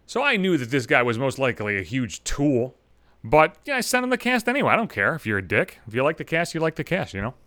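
Ranting man, lively swinging pitch. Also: quick pace, no room sound. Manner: angry, sarcastic, heavy swearing. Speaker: podcast host. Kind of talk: profane ranting monologue.

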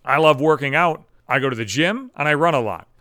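A man's voice: a little high, animated, brisk, a bit bright, no room sound, clean studio sound. A man hosting a podcast, delivering a sarcastic, heavily profane comedic rant. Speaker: podcast host.

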